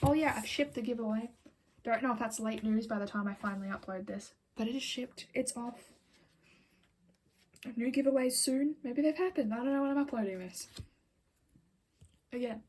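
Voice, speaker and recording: A woman's voice: on the high side, brisk, a little mellow, slight background noise, low-quality recording. A woman chatting casually to camera as a vlogger, giggly and rambling, often slipping into whispered asides and little apologies. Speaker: vlogger reviewing album collection.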